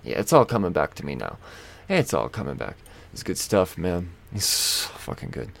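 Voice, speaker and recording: A man's voice: deep voice, sing-song, normal speed, gravelly, fairly bright tone. A man hosting a solo podcast, chatting casually and rambling with lots of fillers, swearing and self-mocking asides. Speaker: podcast host. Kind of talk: casual solo comic-book podcast chat.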